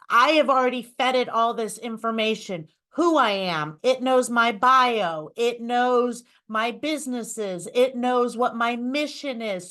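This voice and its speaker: A woman's voice: a little high, fairly bright tone. A woman co-hosting a webinar, talking in an upbeat, enthusiastic way. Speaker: webinar co-host. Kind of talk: casual presentation.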